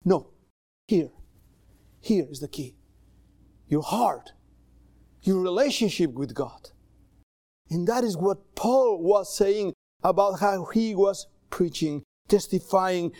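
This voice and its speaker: A male pastor preaching a sermon in a church in accented English with small grammar slips, conversational and animated. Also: high-pitched, no room sound, studio quality. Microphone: livestream camera mic.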